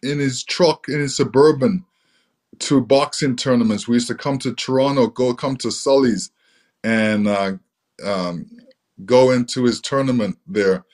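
A man from England, a guest in an interview, telling stories from his youth in a relaxed, easygoing way with lots of "you know.". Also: medium pitch, a little slow. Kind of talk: relaxed storytelling.

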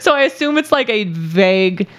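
A woman's voice: mid-range voice, animated, moderate pace. Chatty woman telling a story. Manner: chatty, laughs often, frequent filler words. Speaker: podcast host. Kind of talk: casual storytelling.

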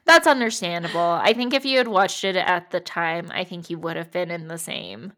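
A woman co-hosting a podcast in casual chat, relaxed and dry, often giving short agreeing replies. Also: lowish voice, moderate pace. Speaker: podcast co-host.

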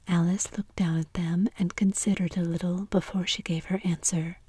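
A woman reading a classic children's storybook aloud in a soft, even whisper. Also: lowish voice, normal speed, hardly any pauses, slightly rough, no room sound, studio quality.

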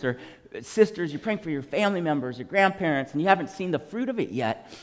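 A man preaching a testimony with passion, swinging between yelling and soft, tearful speech. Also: on the high side, in a large hall. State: crying. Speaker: guest preacher. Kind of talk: sermon testimony.

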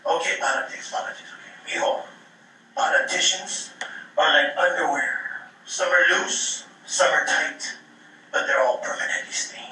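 A man voicing a crude old father who delivers vulgar one-liners deadpan, on a small stage mic. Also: on the high side, normal speed, long pauses. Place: small coffee-house stage. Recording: echoey room, far from mic, faint noise.

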